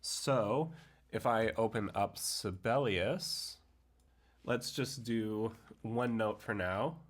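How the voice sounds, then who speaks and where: Man, composition tutorial, unhurried and halting, lots of ums, low voice, speaks words slowly in rhythm. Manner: thinking aloud, many ums, speaks lines of the poem slowly in rhythm. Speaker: music composition teacher. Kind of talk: screen-share tutorial on setting a poem to music.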